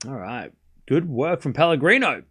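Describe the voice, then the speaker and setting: A man's voice: fairly high pitch, big pitch swings, moderate pace, a bit bright, slightly rough. A man streaming live tennis commentary, mixing play-by-play with sarcastic, rambling banter and chuckles. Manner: sarcastic, rambling, laughs at his own jokes. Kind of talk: casual live watchalong commentary.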